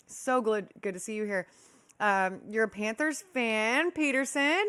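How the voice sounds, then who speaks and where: Bright-voiced chatty woman streamer. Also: fairly high pitch, animated, takes it slowly. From Kansas City, USA. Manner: chatty, laughs often, affectionate greetings. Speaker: livestream host. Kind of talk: casual chat with viewers.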